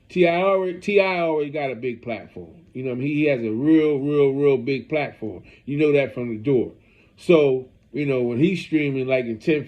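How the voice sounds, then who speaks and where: A man's voice: medium pitch, a little mellow. A man hosting a street news channel, talking casually and rambling, often asking "you know what I mean".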